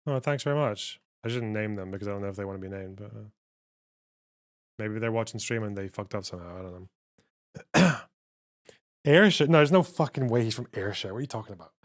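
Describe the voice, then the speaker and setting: A man's voice: on the low side, brisk, pauses often. A man hosting a livestream, chatting casually and bluntly with frequent swearing and laughter. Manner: profane, blunt, laughs often. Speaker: livestream host.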